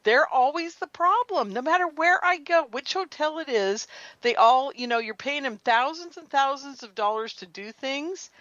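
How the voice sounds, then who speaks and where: Animated high-voiced woman telling stories. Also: moderate pace, dry recording, highs cut off. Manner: animated, laughing storyteller. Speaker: guest. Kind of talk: casual radio interview storytelling.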